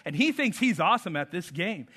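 High, bright-voiced man preaching. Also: a little fast, breathy edge. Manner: storytelling, animated, acts out voices. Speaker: pastor. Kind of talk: sermon.

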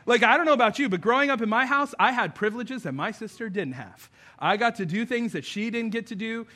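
Bright, high-voiced pastor preaching. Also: male voice, expressive, fairly quick. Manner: conversational, earnest preaching with light humor. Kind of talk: sermon. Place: church service before a congregation.

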